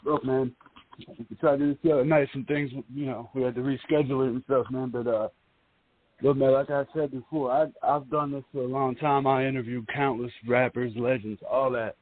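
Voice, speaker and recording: A man's voice: medium pitch, steady tone, fairly quick. Laid-back man with a New Orleans accent. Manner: laid-back, laughs often, says "man" a lot. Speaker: interviewer. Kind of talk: casual radio chat. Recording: tinny phone line, dry.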